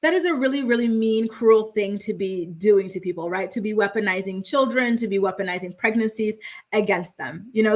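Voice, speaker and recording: A young woman hosting a chatty, opinionated reality TV recap, with exasperated asides. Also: medium pitch. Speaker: host.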